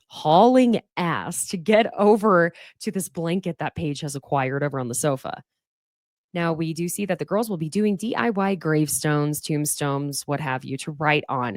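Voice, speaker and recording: Woman recapping reality tv, lower voice but super animated, sarcastic, swears a lot, dry close sound. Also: dry recording. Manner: sarcastic, swears freely, mocks cast members in put-on voices. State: fighting off sneezes. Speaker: podcast host.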